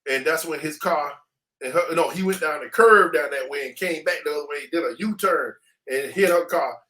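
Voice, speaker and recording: High-voiced man telling a story. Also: normal speed, slight background noise. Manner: animated, slangy, acts out sounds. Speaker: interview guest. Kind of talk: casual storytelling.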